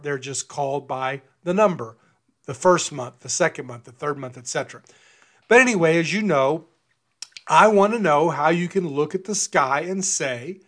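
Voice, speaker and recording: A man's voice: on the high side, a bit bright. A man giving an informal sermon and Bible teaching, talking conversationally and often repeating words as he restarts. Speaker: preacher.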